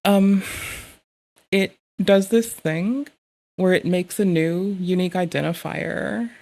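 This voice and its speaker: A woman streaming live, chatting casually with heavy swearing and bursting into loud, excitable rants. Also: lowish voice, takes it slowly.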